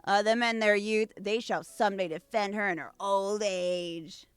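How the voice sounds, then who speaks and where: A woman's voice: mid-range voice, steady tone, measured pace, smooth, no echo, soft background music. A woman hosting a casual unboxing video, reading card text aloud between gushing asides. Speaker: VTuber host.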